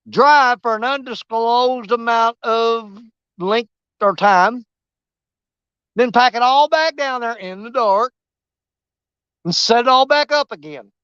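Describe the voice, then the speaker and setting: A man's voice: very high voice, bright, forceful tone, smooth, no echo, lo-fi sound. A man, chatting casually and jokingly while fishing on a riverbank. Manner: folksy, joking, rambling. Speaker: fishing vlogger. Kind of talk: casual outdoor fishing commentary. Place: outdoors on a riverbank.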